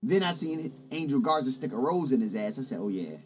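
A man's voice: mid-range voice, big pitch swings, a little fast, darkish tone. A man chatting casually about wrestling, laid-back and swearing, repeating his points.

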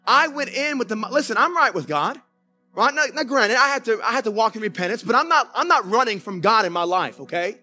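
A male pastor preaching a conversational sermon in a church, folksy and animated, with many restarts. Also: very high-pitched, fairly quick, faint music behind. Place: church sanctuary.

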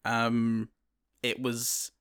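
A man in casual podcast chat, wry with deadpan jokes. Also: medium pitch, drawn-out words, smooth.

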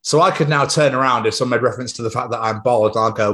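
A young man, co-hosting a podcast and telling rambling, animated stories full of swearing. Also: medium pitch, very fast. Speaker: podcast co-host. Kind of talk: casual chat.

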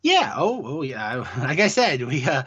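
A man co-hosting a podcast in casual chat, hesitant and halting as he stumbles over his words. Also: medium pitch, very animated, bright, forceful tone, husky. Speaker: podcast co-host. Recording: dull lo-fi audio.

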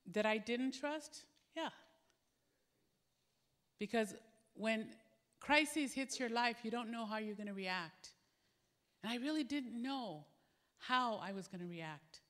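A middle-aged woman preaching a sermon, candid and earnest, telling stories. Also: medium pitch. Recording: echoey hall.

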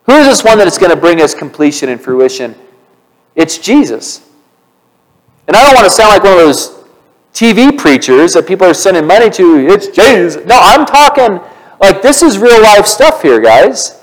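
A male pastor preaching a sermon in church, animated and conversational, asking the congregation questions. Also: high-pitched, normal speed, low-quality recording.

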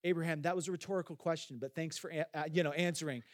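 A man's voice: a little high, steady tone, racing, dry recording, studio quality. A man preaching a sermon as a pastor, talking conversationally, putting questions straight to his listeners and repeating phrases for emphasis.

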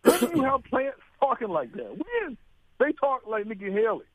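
A man's voice: very high voice, big pitch swings, normal speed, dry recording. A man chatting on a political talk radio show, emphatic, laughing often and asking rhetorical questions. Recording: dry tinny phone-like radio sound.

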